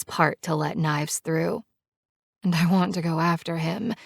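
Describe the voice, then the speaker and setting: Slow gravelly-voiced woman narrating. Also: on the low side, no echo, studio quality. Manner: measured, steady reading. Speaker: audiobook narrator. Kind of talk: first-person romance audiobook narration.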